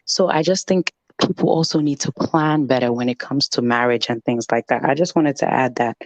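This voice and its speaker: A woman's voice: extremely low pitch, moderate pace, darkish tone, no echo. A woman calling in to a talk show, chatting casually and often checking that she is understood. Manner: chatty, keeps asking "you get what I'm saying". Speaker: caller. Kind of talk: casual call-in chat.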